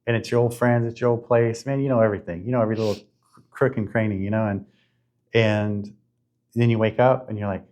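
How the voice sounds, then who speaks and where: A man in his fifties hosting a podcast, telling a spiritual story in an earnest, halting way with many restarts. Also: on the low side, steady tone, darkish tone. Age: 50s. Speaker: podcast host.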